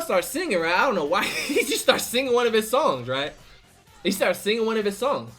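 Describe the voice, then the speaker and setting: Brief: animated male streamer, slangy storyteller, pitch jumps all over, "right?" after every line. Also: brisk, soft background music.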